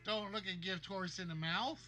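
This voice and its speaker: A man's voice: sits high, steady tone, moderate pace, sharp tone. A man hosting a livestreamed list game show, reading out guesses and cracking jokes. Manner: jokey, reads guesses aloud.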